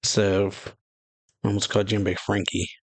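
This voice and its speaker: A man's voice: on the low side, little pitch movement, moderate pace, low-quality recording. A man hosting a reaction video, casually reading a manga chapter aloud and paraphrasing it, now and then stumbling over names. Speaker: anime reaction channel host.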